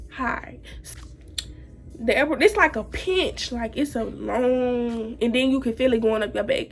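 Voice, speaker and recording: Chatty teenage girl with a higher voice. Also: creaky, slight background noise. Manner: chatty, slangy, addresses viewers directly. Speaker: vlogger. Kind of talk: casual storytime chat.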